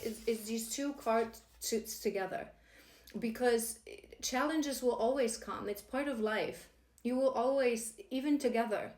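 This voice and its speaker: A woman with a fairly high voice gives an earnest, encouraging spiritual card reading. She often stumbles and restarts her phrases as she talks. The room around her sounds echoey. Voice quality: emotional, laughing warmly at times. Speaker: tarot card reader.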